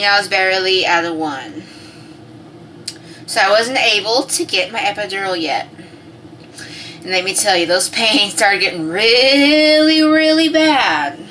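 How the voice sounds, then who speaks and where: A woman's voice: medium pitch, far from the mic, slight background noise, rough recording. A woman, telling a personal story to camera in casual, profane chat. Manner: chatty, swears freely, acts out quotes loudly. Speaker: vlogger.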